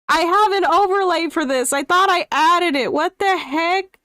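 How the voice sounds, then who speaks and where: A woman streamer chatting casually on a live charity stream, excitable, laughing often and breaking into loud outbursts. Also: high-pitched, slow pace, no room sound, clean studio sound.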